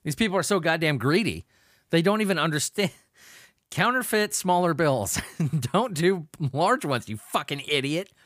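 Crude ranting man with lively pitch. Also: unhurried, no room sound, clean studio sound. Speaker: podcast host. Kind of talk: profane comedic news commentary.

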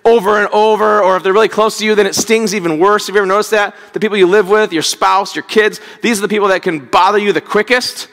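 A man's voice: high-pitched, fairly even intonation, quick pace, few pauses, fairly bright tone, in a large hall. A man preaching a conversational sermon, often repeating words and acting out quoted speech. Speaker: pastor.

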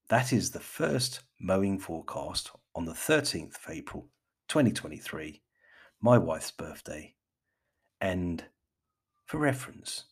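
A man's voice: low voice, husky. A man from the United Kingdom hosting a gardening podcast in a rambling, chatty monologue, often calling his listeners friends.

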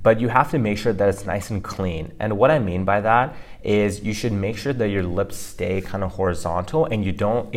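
Low-voiced man teaching pronunciation. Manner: relaxed, explains with many fillers and restarts. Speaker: language teacher co-host. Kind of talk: casual instructional podcast.

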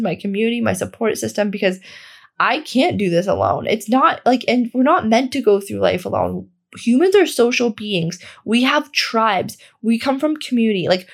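Gravelly, casual woman podcast host. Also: mid-range voice. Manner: casual and candid, swears freely, heavy use of "like". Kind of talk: self-help podcast monologue.

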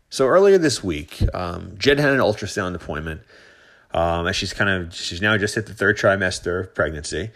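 Low-voiced man ranting on a podcast. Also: expressive, moderate pace, a bit bright. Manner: rambling, frequent restarts and fillers, gets heated. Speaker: podcast host. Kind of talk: casual sports podcast monologue.

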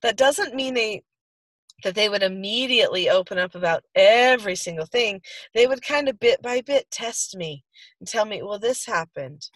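A woman's voice: medium pitch, moderate pace, a bit bright, dry recording. Woman foster parent, earnest storyteller, medium voice, dry close sound. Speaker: foster parent and podcast co-host. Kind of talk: casual conversational talk.

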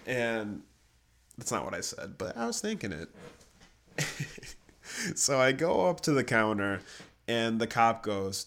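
A young man with a mid-range voice speaks at a measured pace, pausing often. Chatting casually, he tells a humorous story about himself. He's animated, frequently laughs, and mimics the voices of people in the story.

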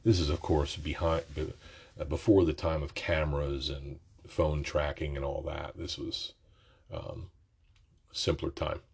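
A middle-aged man telling a rambling, profane story from his youth, often correcting himself mid-sentence, with a raspy voice. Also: a bass voice, little pitch movement, measured pace, a little mellow. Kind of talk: casual storytelling.

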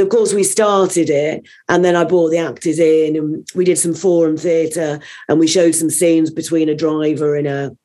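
Animated woman telling a story. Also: low-pitched, moderate pace, hardly any pauses. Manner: animated, rambling, with many fillers. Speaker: guest, trainer. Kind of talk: podcast interview storytelling.

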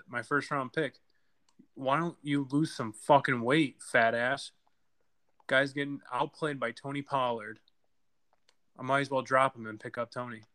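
A man's voice: medium pitch, pushed and bright. A man co-hosting a casual fantasy football recap, blunt and trash-talking, laughing easily. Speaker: podcast co-host.

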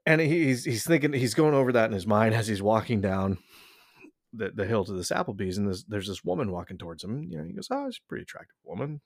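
A man with a fairly low voice tells a story in loose, profane chat, backtracking and restarting as he goes. The sound is close and dry, with no room around it. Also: animated, fast, gravelly, dry recording. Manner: profane, rambling, full of restarts. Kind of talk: casual storytelling.

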